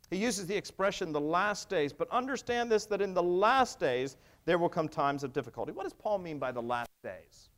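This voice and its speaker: A male pastor preaching a sermon, emphatic and wry, asking the congregation rhetorical questions. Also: high-pitched. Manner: wry humor.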